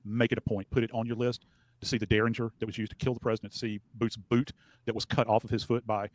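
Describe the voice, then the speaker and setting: A man's voice: on the low side, little pitch movement, fast, no room sound. An older man as an interview guest, talking casually with rambling, hesitant phrasing. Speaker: podcast host guest.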